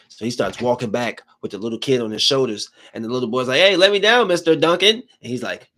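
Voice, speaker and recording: A man hosting a podcast who rambles and recaps a movie in a casual, emphatic way. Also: fairly low pitch. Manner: rambling, animated, emphatic storytelling. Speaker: podcast host. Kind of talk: casual chat.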